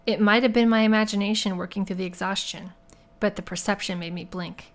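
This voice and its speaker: A woman's voice: mid-range voice, level tone, a little fast. Woman narrating an audiobook. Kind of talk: scripted narration.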